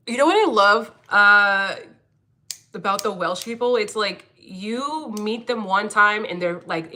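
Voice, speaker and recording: This angel medium from Philadelphia, United States, chats with her livestream audience and works through their comments, swearing bluntly and laughing a lot in a thick Philly accent. Her voice sits in the mid-range with a bright, forceful tone.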